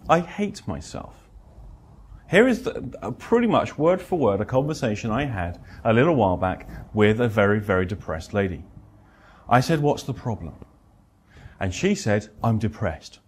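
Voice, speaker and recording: A man's voice: medium pitch, slightly rough. A British man giving a live lecture to therapists, acting out client conversations with dry humor. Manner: animated, acts out client dialogue, dry humor. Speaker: presenter.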